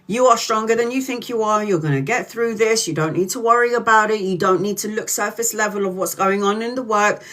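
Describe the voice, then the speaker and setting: Woman tarot reader on a casual live stream, blunt and foul-mouthed, leans on slowed-down words. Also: mid-range voice, fairly bright tone. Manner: blunt and profane, emphatic; drawls key words slowly for emphasis.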